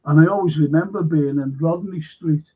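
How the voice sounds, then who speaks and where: A man's voice: a little high, moderate pace, husky. A man, a local historian chatting on a live stream and acting out the voices in his anecdotes. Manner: animated storyteller acting out quoted voices. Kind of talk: casual chat on a live stream. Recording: lo-fi stream audio.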